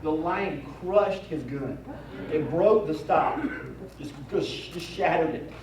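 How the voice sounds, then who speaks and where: A lively man tells funny hunting stories to a banquet crowd, slipping into the voices of his characters. His fairly high voice carries from a distance through an echoey hall, with steady background noise. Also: slow. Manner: animated Southern-style storyteller, acting out voices. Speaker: banquet speaker. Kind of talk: humorous storytelling speech. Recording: echoey hall, from far off, noisy.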